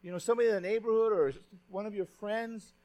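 A man's voice: sits high, steady tone, fast talker, a little mellow, lo-fi sound. A male pastor giving a sermon in a conversational way, often restarting his sentences as he retells a story. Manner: conversational preaching, with frequent restarts and retelling of stories.

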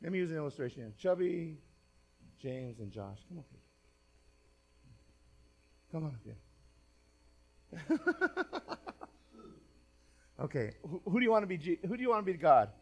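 Male pastor, sermon, high voice, emphatic scripture reading, loud-to-quiet swings. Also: sing-song, moderate pace, creaky, long pauses, breathy edge. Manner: reads scripture aloud with dramatic stress.

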